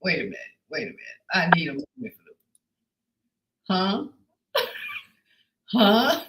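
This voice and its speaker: A woman's voice: mid-range voice, sing-song, slow pace, very noisy. A woman hosting a live-streamed video chat, jumping in with playful, teasing remarks. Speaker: host. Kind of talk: casual interview over a live stream. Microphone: video call.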